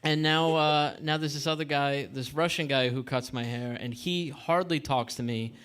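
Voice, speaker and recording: A man's voice: fairly high pitch, fairly even intonation, normal speed, a bit bright, clear, resonant tone. A man in his thirties from Staten Island, co-hosting a podcast in casual chat, rambling through anecdotes and chuckling as he goes. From Staten Island, New York. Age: 30s. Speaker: podcast co-host.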